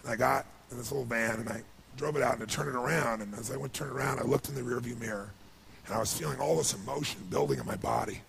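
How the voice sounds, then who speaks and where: A man giving a motivational speech, telling a personal story with emotion that builds into excited passion. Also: medium pitch, quick pace, gravelly, crowd noise. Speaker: motivational speaker.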